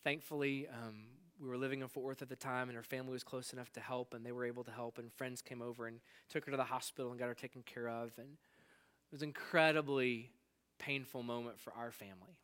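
A pastor in his forties preaching a sermon, slowing down and leaning hard on key words. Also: medium pitch, fairly even intonation, a bit bright, clean tone. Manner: emphatic, slows down to stress key words.

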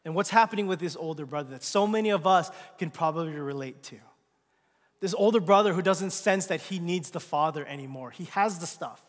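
A man with a fairly high voice preaches a sermon. He moves between loud, insistent emphasis and quiet, almost whispered asides. His voice rings out with a long reverb, as in a large church hall. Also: fairly quick. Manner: swings from loud emphatic lines to hushed, near-whispered asides. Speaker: pastor.

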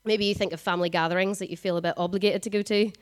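Young woman preacher, lowish voice, quick and chatty with lots of ums. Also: steady tone. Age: 20s. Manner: fast talker, frequent ums. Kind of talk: conversational sermon. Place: church service.

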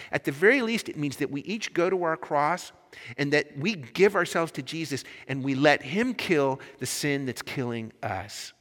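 Impassioned preacher in a reverberant hall. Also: male voice, medium pitch, fairly bright tone. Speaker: pastor. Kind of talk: sermon. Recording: long reverb in a large hall.

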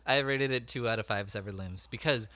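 A man's voice: medium pitch, sharp tone, no echo. A man co-hosting a casual movie review chat, joking and making puns as he gives his ratings. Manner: joking, punning, quick to laugh. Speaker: podcast co-host.

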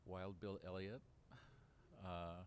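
A man's voice: sits low, little pitch movement, slow, a little hiss or hum. A man in his seventies from Baltimore, talking through memories at length in an interview, rambling with many fillers and restarts. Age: 70s. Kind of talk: relaxed reminiscing interview.

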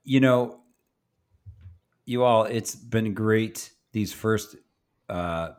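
A man co-hosting a podcast in casual chat, relaxed and rambling, teasing his co-hosts. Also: lowish voice, extremely slow, clean tone. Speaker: podcast co-host.

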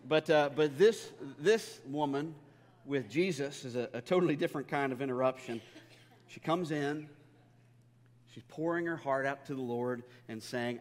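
A man's voice: on the high side, expressive, normal speed, big-room sound. A man preaching a sermon, telling stories with humor and often repeating his words as he goes. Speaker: pastor.

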